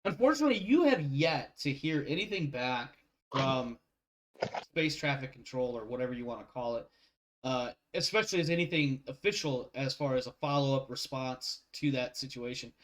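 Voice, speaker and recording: A man's voice: mid-range voice, lively intonation, normal speed. A man running a tabletop game as game master, rambling and often stopping to apologize. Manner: rambling, self-interrupting, apologetic.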